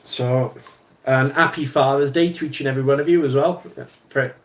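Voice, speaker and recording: A man's voice: mid-range voice, fairly even intonation, moderate pace, slight background noise. Man, casual livestream host, rambling with ums, working at a bench, roomy echo. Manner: rambling, many ums and restarts. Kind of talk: casual chat while wrenching.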